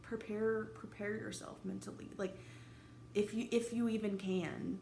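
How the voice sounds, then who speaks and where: A woman in her thirties speaking directly to camera in a personal vlog, candid and halting, swearing freely and sounding emotionally raw. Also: medium pitch, little pitch movement, gravelly, mellow. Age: 30s. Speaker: vlogger. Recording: roomy echo, faint ambient noise.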